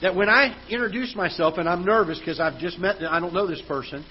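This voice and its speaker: A man's voice: high voice, brisk, highs cut off, a little hiss or hum. A man preaching a sermon as pastor, earnest, often restarting and repeating words. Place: church auditorium.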